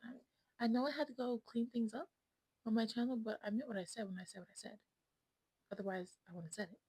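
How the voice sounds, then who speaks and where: A woman with a fairly high, breathy, husky voice chats casually to her viewers. She rambles and speaks bluntly, sliding into whispers now and then. The sound is dry and close, with no room echo. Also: fairly even intonation, fast talker, dark tone. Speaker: vlogger. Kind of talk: casual chat to camera.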